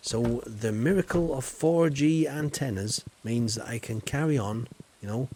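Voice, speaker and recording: A man's voice: medium pitch, a little mellow, slight background noise. A man rambling casually with lots of fillers while he streams a game. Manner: rambling, chatty, with many fillers. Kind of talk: casual live-stream chatter.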